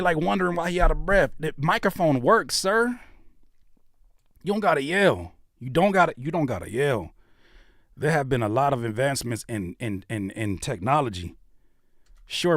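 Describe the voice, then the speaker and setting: A man's voice: fairly high pitch, no echo, clean studio sound. A man hosting a livestream, reacting to submitted music in joking, rambling casual commentary. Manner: joking, animated, rambling with restarts and laughs.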